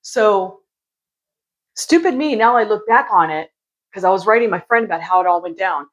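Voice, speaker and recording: Speaking at normal speed in a mid-range voice with lively intonation, this woman vlogger in her forties chats to camera about something that exasperated her. She acts out others' quoted lines and sips wine between remarks, all on a rough recording.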